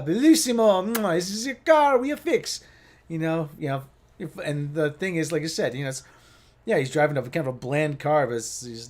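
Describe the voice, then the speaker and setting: A man hosting a casual livestream, talking in a rambling way with frequent restarts and asides. His voice is a bit higher than most men's. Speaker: livestream host. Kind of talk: casual chat.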